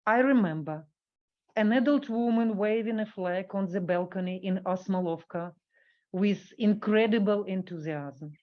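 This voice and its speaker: A woman giving a workshop talk, reading an academic paper from a script and halting with fillers when she speaks off the cuff. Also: mid-range voice, highs cut off.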